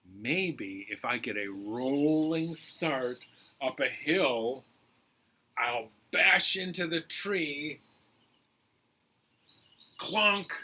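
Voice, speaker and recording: A man's voice: medium pitch, lively intonation, extremely slow, pauses often, pushed and bright, full character voice. Man voicing a hungry, scheming rolling Head. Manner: chatty, thinking aloud.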